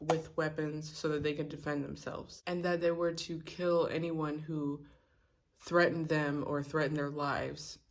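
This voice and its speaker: Young woman vlogger with a low voice, chatty and casual, retelling a story while doing makeup. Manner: chatty, leans on "like" and "you know".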